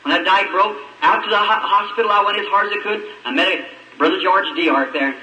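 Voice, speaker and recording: A man preaching a fervent sermon in a high, bright voice. He sounds far from the mic, and the old radio recording rings with echo. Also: a little fast. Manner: fervent, pleading, storytelling preacher. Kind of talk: sermon testimony.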